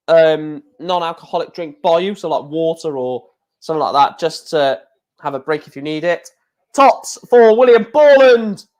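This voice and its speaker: A high-voiced man hosts a live stream reacting to darts, giving casual, chatty commentary straight to his viewers while hiccuping. He bursts into excitement at the big moments.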